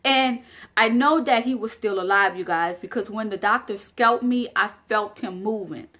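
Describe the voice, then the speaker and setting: A woman's voice: mid-range voice, normal speed, bright, forceful tone. A young woman vlogger telling a personal story straight to her viewers in a casual, earnest way, often repeating phrases for emphasis.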